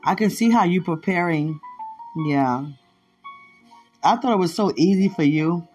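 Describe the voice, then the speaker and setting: Woman host, slow and husky, lively swooping delivery, faint music underneath. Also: lowish voice. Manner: playful, laughing, drawn-out exclamations. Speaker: podcast host. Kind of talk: affectionate casual monologue with prayer.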